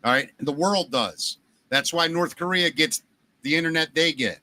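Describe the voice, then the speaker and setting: Bright-voiced man with a Baltimore accent. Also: a little high, moderate pace. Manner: animated, jokey storyteller. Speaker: podcast host. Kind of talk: casual chat.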